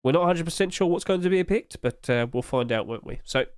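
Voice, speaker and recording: A young man talks through a casual live stream in a rambling, animated way. His voice sits a little high for a man. The recording is close and dry, with little room sound. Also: fast, smooth, dry recording.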